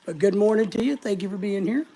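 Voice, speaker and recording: A woman's voice: medium pitch, quick pace, dark tone. Breathless woman hosting a casual live stream. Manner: rambling, greets viewers by name. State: short of breath.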